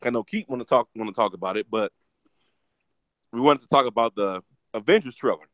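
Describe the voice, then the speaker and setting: A man co-hosting a casual gaming podcast, talking in a halting way with many restarts and ums. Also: medium pitch, fairly bright tone, dry recording. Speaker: podcast co-host.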